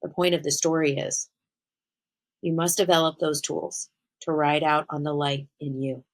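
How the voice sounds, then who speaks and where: A woman with a low voice tells a personal story as a spiritual medium. She sounds earnest and speaks straight to her listeners. She slows down to lean on the words that matter. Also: level tone, rough recording. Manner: earnest, addresses listeners directly.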